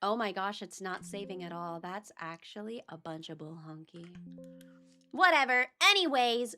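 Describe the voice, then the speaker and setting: A woman's voice: on the high side, bright, forceful tone. A woman streamer chatting casually on a livestream, talking to herself as she searches for files. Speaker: VTuber streamer.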